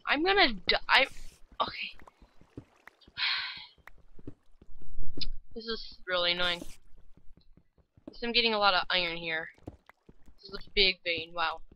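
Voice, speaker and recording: A woman's voice: lowish voice, lively intonation, slow pace, pauses often, highs cut off, slight background noise. A woman giving rambling, frustrated let's-play commentary, full of "like" and "holy cow". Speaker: gamer.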